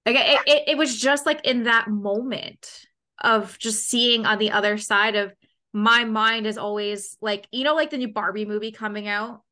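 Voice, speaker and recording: Bright bubbly woman hosting. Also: fairly high pitch, normal speed. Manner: bubbly, upbeat, chatty storytelling. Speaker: podcast host. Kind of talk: casual interview chat.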